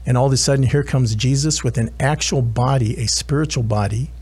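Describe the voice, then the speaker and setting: A man's voice: mid-range voice, brisk, darkish tone, breathy edge. A man preaching as a chaplain, retelling a scripture story earnestly with frequent restarts and asides. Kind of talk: sermon.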